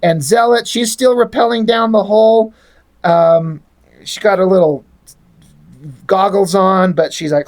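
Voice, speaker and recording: A man's voice: high-pitched, a little slow, long pauses. A man giving a casual, rambling comic review, with profanity and strong opinions about the artwork.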